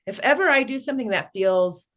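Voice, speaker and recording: A woman's voice: fairly high pitch, animated, a little fast, fairly bright tone. A middle-aged woman, a guest on an interview podcast, telling a family story and acting out the dialogue.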